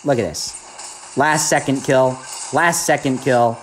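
A woman giving excitable, hyped gameplay commentary as a gaming YouTuber, talking straight to her viewers. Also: rumbling low, slow pace, slight background noise.

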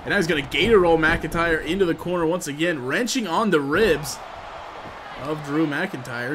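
A man doing sports-style play-by-play commentary, moving from steady calls to loud, shouted excitement. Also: fairly high pitch, moderate pace, background noise. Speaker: commentator for his own gameplay video.

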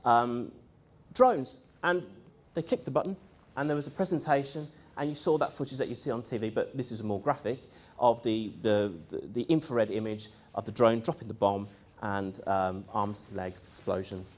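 A man's voice: medium pitch, moderate pace. A man telling a long story in a casual, rambling way, full of fillers and acted-out quotes. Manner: rambling, lively, quotes others in voices, frequent fillers. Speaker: speaker recounting experiences.

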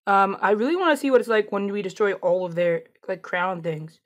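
A woman giving casual, excitable commentary over her own shooter gameplay, taunting opponents as she plays. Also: mid-range voice, a little fast. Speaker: gameplay streamer.

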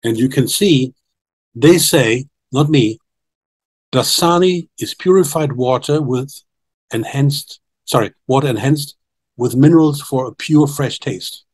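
Husky older man explaining insistently. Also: mid-range voice, unhurried, a little mellow, rough recording. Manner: earnest, insistent, repeats key points. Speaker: documentary guest presenting research. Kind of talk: explanatory interview talk.

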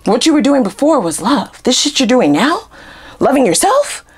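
A woman gives a casual tarot reading straight to her viewers, sassy and full of asides. Her voice is fairly high and swoops up and down all the time. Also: moderate pace, breathy edge. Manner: animated, laughing often, sassy asides. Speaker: tarot reader.

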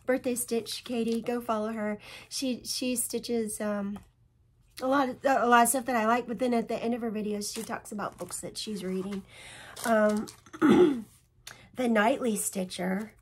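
A woman's voice: a little high, darkish tone. A middle-aged woman vlogging casually from home about cross-stitch, rambling and chatty, restarting and correcting herself often. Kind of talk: casual chat.

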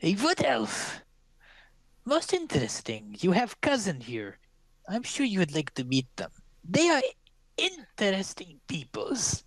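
A man's voice: sits high, wildly swooping pitch, measured pace, fairly bright tone, no echo, voice pushed up, full character voice. A man voicing a crackly old crone seer. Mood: mysterious. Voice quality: crackly, exaggerated emphasis on words. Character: old cackling crone fortune-teller, mysterious.

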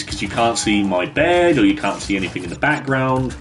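A man's voice: mid-range voice, very animated, a little fast, soft background music. A man chatting casually with his viewers while streaming a game from his bedroom, laughing often and bantering with the chat.

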